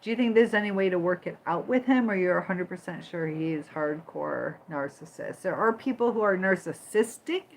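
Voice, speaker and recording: A woman's voice: lowish voice, expressive, moderate pace, hardly any pauses, slight background noise. A woman from Michigan and Indiana hosting a casual livestream, chatting with viewers, greeting them by name and firmly moderating the chat. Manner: firm when moderating the chat. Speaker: livestream host.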